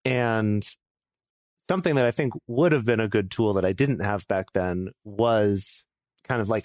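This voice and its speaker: Low-voiced guy cohosting a chat show, thinks out loud, lots of restarts. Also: dry recording, studio quality. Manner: thoughtful, trails off and restarts. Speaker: podcast co-host. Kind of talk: casual chat.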